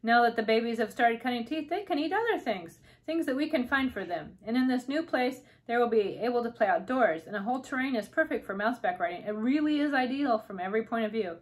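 A woman's voice: a little high, expressive, quick pace, hardly any pauses, lightly acted. A woman reading as a polite little doll king. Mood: gentle, courteous. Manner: formal, courteous speech. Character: tiny courtly male doll king, gentle, polite.

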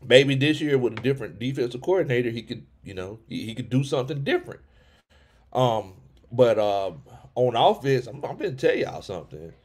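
A man hosting a lively sports livestream, reading chat comments, laughing often and stumbling over his words as he talks. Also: mid-range voice, fairly quick. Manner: animated, laughs often, frequent restarts and stammers. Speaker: sports vlog host reading live chat. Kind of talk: excited casual livestream chat.

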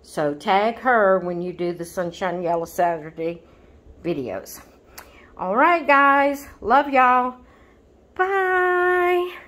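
A woman's voice: fairly low pitch, lively intonation, takes it slowly, a bit bright. A woman chatting in an unboxing video, often cooing baby talk at her dolls. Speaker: doll collector vlogger.

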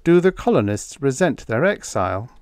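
A man's voice: mid-range voice, very animated, moderate pace, darkish tone, clear, resonant tone, no echo, studio quality, voice pushed up, close to an everyday voice. A man reading aloud, voicing a guarded male space agent who keeps his voice level and careful.

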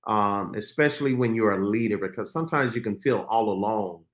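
A man's voice: lowish voice, a little fast. A man hosting a talk show as a pastor, speaking in an earnest, preacher-like cadence. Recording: roomy studio echo.

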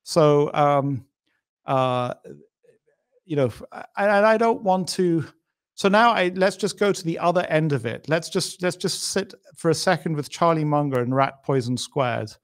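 A man's voice: a little high, lively intonation, a little slow, smooth. A middle-aged man as a podcast guest, talking in a thoughtful, emphatic way and building his points with hypotheticals. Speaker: interview guest.

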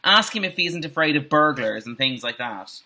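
A man's voice: fairly high pitch, normal speed, slight background noise, heavily acted. A male teacher voicing an eager schoolboy who leads his friends in a read-aloud story. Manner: earnest and excited. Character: eager schoolboy Peter, group leader.

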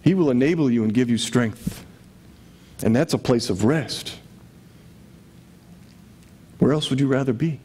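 A man's voice: medium pitch, measured pace, long pauses, dark tone, husky. A man preaching a sermon to his congregation in a conversational way, often asking rhetorical questions. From Connecticut. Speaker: pastor.

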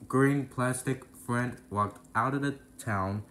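A man's voice: mid-range voice, slow, hardly any pauses, a bit bright, roomy sound, a little hiss or hum, poor audio. A man narrating a rhyming storybook tale in a sing-song delivery.

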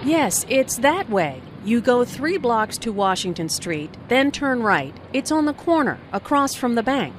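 A woman's voice: a little high, big pitch swings, measured pace, hardly any pauses, background noise. A woman acting a friendly local who gives directions in a scripted textbook dialogue.

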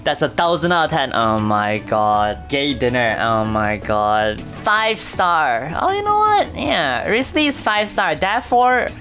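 A man's voice: on the high side, sing-song, pushed and bright, soft background music. Theatrical young guy streamer. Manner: hyper, theatrical, drawn-out exclamations, crude jokes. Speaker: VTuber streamer. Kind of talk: comedic reaction commentary.

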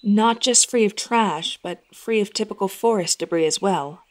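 A woman's voice: medium pitch, moderate pace. Woman narrating a horror story. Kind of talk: scripted first-person horror narration.

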